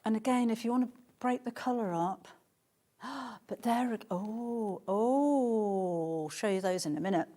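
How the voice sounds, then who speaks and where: A woman's voice: on the high side, a little slow, dark tone. A middle-aged woman presenting fabrics on a live sales show, chatting and gushing with lots of restarts.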